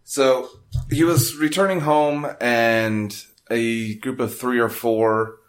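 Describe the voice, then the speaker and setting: A man's voice: medium pitch, fairly even intonation, slow pace. A man co-hosting a casual podcast, making dry, wry remarks. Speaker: podcast co-host.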